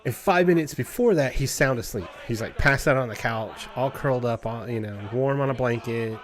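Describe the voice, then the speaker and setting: A man streamer chatting casually, telling an animated story in a loose, profane way and imitating cat noises. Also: mid-range voice, brisk. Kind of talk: casual chat.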